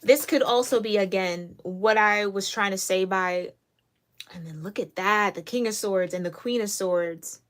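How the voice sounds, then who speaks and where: A woman giving a casual tarot reading, chatty and excitable, with many fillers and restarts. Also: medium pitch, unhurried. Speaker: tarot reader.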